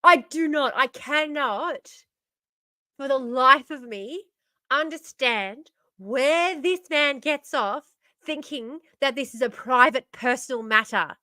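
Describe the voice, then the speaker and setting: A woman's voice: high-pitched, slow pace, pushed and bright, no echo, studio quality. A woman hosting a stream, ranting in exasperation and swearing as she reacts to the news. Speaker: streamer host.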